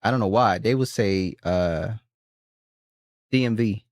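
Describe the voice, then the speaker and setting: A man's voice: lowish voice, measured pace, darkish tone. A man from Maryland co-hosting a casual podcast discussion, who pushes back bluntly and firmly. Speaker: podcast co-host.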